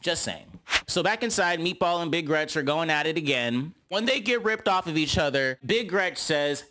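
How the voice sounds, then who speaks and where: A man's voice: fairly high pitch, animated, moderate pace, bright, forceful tone, a little hiss or hum. A man recapping a reality TV episode in casual, sassy commentary full of slangy asides.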